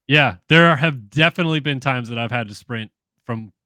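A man's voice: mid-range voice, normal speed, pushed and bright, no room sound. A young man interviewed as a guest, talking casually and thinking aloud through frequent fillers. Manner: thoughtful, many fillers and restarts. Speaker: guest, moto journalist.

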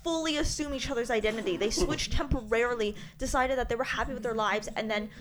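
A woman's voice: fairly high pitch, fast, crowd noise. A woman chatting casually while watching a film, joking and laughing as she riffs. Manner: playful, riffs on jokes and laughs while talking. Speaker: co-host of a watch-along chat. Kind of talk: casual chat over a film. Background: film soundtrack playing.

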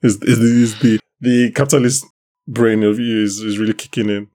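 A man with a lowish voice hosts a casual podcast chat. He rambles and restarts his sentences often, thinking aloud as he goes. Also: flat delivery, normal speed, mellow. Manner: rambling, hesitant, with many restarts. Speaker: podcast host. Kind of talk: casual chat about a TV show.

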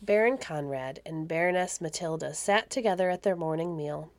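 A woman reading a classic story aloud in a calm, measured storybook narration. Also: deep voice, no room sound. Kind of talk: scripted narration.

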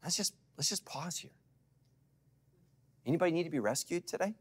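A middle-aged male pastor preaching to a congregation, swinging from loud calls to hushed asides and asking for responses. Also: fairly high pitch, animated, brisk, husky. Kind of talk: sermon.

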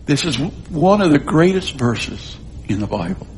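A male pastor preaching a sermon, swinging from loud stresses to hushed drops. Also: a little high, very animated, normal speed, a little hiss or hum.

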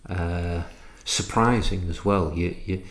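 Deep-voiced man telling stories, echoey room. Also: steady tone. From England. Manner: anecdotal, halting with restarts and fillers. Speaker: entrepreneur and author. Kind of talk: storytelling in a podcast interview.

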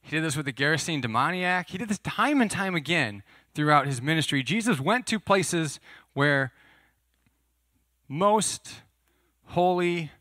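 Speaking a little slowly in a slightly high, bright and forceful voice, a pastor teaches an expressive, conversational sermon, unpacking scripture and putting questions to the audience. The recording is dry and studio quality.

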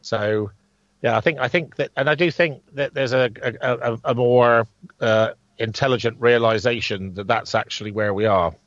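A man's voice: mid-range voice, normal speed, fairly bright tone, dry recording, dull audio. A man chatting casually as co-host, hesitant, with many fillers and restarts. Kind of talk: casual chat.

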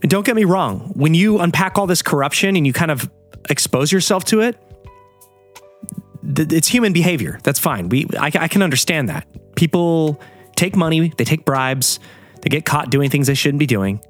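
A man's voice: a little high, animated, normal speed, soft background music. A man hosting a show, ranting heatedly in a profane solo monologue.

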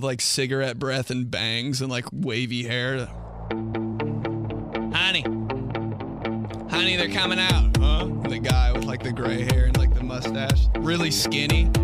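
Rambling animated young man. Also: medium pitch. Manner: rambling with many fillers. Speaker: podcast host. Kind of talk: solo comedic riffing. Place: small recording studio.

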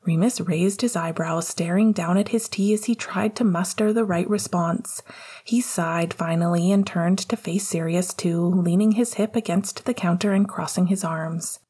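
A woman reading a story aloud in a soft, slow, hushed whispered narration. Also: on the low side, breathy edge. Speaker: audiobook reader.

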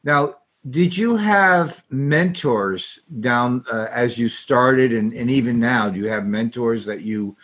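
A man's voice: mid-range voice, takes it slowly, a bit bright. A man hosting an interview, asking questions in a rambling way with many fillers. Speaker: interview host. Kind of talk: podcast interview.

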